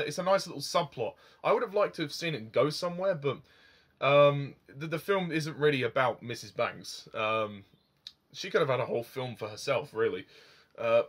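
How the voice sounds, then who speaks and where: A man's voice: medium pitch, expressive, normal speed, fairly bright tone. Rambling man reviewing films. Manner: rambling, frequent ums, chuckles at own remarks. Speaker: film reviewer. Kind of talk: casual film review monologue.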